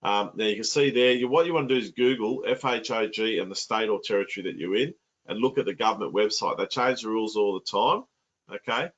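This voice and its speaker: A man's voice: on the low side, a little fast, a bit bright, lo-fi sound. A man coaching property investment in an online masterclass, blunt and colloquial.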